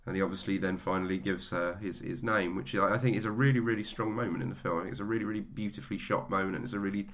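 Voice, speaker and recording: A man's voice: deep voice, fairly even intonation, very fast, hardly any pauses, a bit bright, a little hiss or hum. A man co-hosting a podcast, chatting enthusiastically about a film with many restarts. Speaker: podcast co-host. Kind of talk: casual film-review chat.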